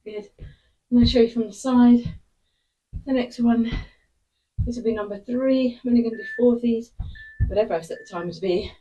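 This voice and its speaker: A fitness instructor talks a viewer through a hard interval workout, panting and out of breath as she goes. Her voice is mellow and sits a little high for a woman, and her pace is slow and unhurried. She sounds set back from the microphone. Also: dull audio. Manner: encouraging, short panting cues. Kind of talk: workout follow-along coaching. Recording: voice picked up from a distance.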